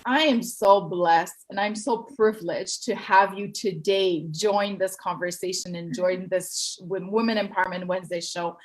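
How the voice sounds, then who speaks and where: A woman's voice: lowish voice, steady tone, moderate pace, few pauses, poor audio. A woman with a French accent hosting a live-streamed interview, bubbly and giggly as she reads out viewer comments. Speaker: host.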